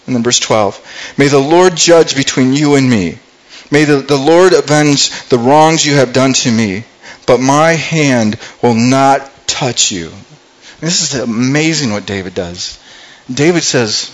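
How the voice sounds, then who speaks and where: A pastor preaches a sermon, reading scripture aloud and then paraphrasing it with acted character voices, often repeating words and restarting. His mid-range voice is unhurried, and the recording is rough.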